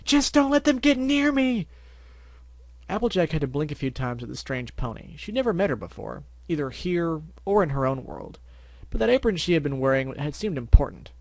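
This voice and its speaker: A man's voice: on the high side, big pitch swings, brisk, vocal fry, no echo. A man reading fan fiction aloud as narrator, with wry asides and stumbling restarts. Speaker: story reader.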